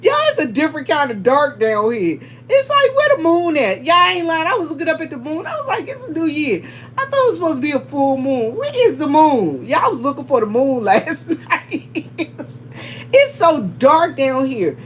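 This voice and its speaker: A chatty middle-aged woman with a high voice tells a long story straight to her viewers. She keeps it animated, laughing and checking in with them, while a faint hum sits under the recording. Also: normal speed. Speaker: vlogger.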